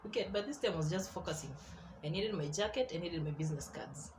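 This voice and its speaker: A young Kenyan woman tells a story in a casual vlog. Her voice sits a little low, and she talks in an animated, laughing way, slipping between English and Swahili slang. Faint room ambience hums behind her. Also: fast, background noise. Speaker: artist and vlogger.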